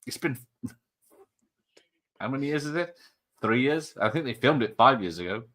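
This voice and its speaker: A man's voice: mid-range voice, expressive, unhurried, a bit bright. A man hosting a casual film watch party online, joking and rambling with frequent laughs. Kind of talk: casual chat over a film.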